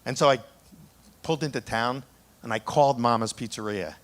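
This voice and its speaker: A man speaking as an author, telling a lively story in a talk, with small restarts here and there. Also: mid-range voice, fairly quick.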